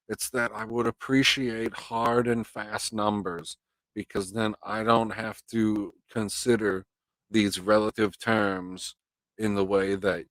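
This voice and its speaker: This fairly low-pitched male streamer talks casually with his audience, reading out their comments while cursing a lot and sliding into long, meandering rants. The recording is low quality and has no echo.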